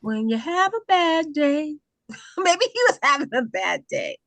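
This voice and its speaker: A woman's voice: high-pitched, very animated, a little slow, a bit bright. A woman from California co-hosting a casual podcast chat, making wry and teasing asides. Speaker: podcast co-host.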